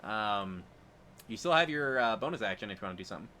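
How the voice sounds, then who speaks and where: A man running a tabletop role-playing game as game master, narrating in a relaxed, rambling way with fillers and chuckles. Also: on the low side, fast, a little hiss or hum.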